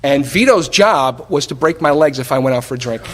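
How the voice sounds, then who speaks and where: A man telling his personal recovery story to a live meeting, animated and wry, full of rhetorical questions and acted-out dialogue. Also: mid-range voice, a little fast. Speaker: speaker sharing at a recovery meeting. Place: meeting hall. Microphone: taped at a live meeting. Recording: reverberant hall recording.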